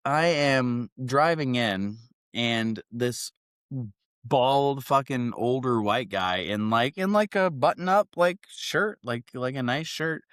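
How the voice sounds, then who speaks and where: A man's voice: mid-range voice, dry recording, studio quality. A young man from the Chicago area of Northwest Indiana, telling a rambling, profane story on a casual podcast and acting out the people in it. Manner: profane, rambling, animated when acting out quotes. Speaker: podcast co-host.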